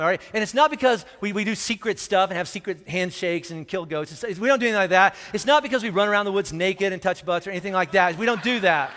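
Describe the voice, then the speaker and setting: A fast-talking male pastor with a high, bright voice tells his story from the pulpit, animated and self-deprecating, checking in with the crowd again and again. His words ring out with a long hall reverb. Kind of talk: sermon story.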